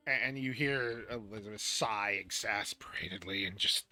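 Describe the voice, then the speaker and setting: A man narrating as game master in a tabletop game, halting and restarting his phrases. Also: medium pitch, steady tone, pushed and bright, dry recording, faint music behind.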